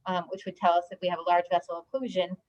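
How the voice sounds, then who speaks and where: A woman's voice: fairly low pitch, little pitch movement, very fast, darkish tone. Woman presenting to coworkers, explains step by step, says um a lot, kinda muffled sound. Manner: explanatory, many filler ums. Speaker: hospital stroke program presenter. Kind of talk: informal presentation to colleagues.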